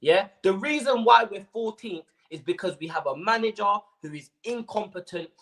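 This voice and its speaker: A man's voice: high-pitched, normal speed. A young man hosting a football fan livestream, ranting casually with lots of slang and repetition. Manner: animated ranting, slangy, repeats himself.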